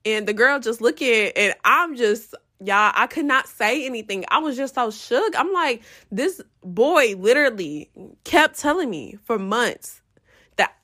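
A young adult woman telling a story to her viewers in a casual, profane, animated way, often breaking into laughs. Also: on the high side, a little slow.

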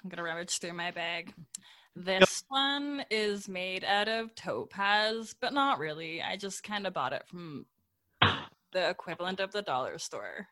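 A woman playing a character in a tabletop game, teasing in a playful, deadpan way. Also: on the low side, unhurried. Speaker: player.

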